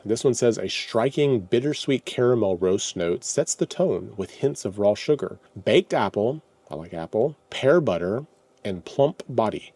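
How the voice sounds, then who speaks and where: A man's voice: on the low side, warm tone, dry recording. A man from Texas talking casually in a vlog, easygoing and self-deprecating, reading product notes aloud as he shops. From Texas, USA. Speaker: home coffee roaster vlogger.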